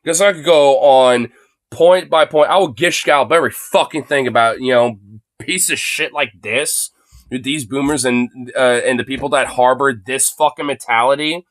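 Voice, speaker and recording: A man in his late twenties rants angrily into his phone, swearing constantly and leaning on filler words. His voice sits at a mid pitch. The sound is close and dry, with no room echo. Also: normal speed. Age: late 20s. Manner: profane, heavy fillers like "you know" and "dude". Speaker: livestreamer. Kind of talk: angry ranting monologue.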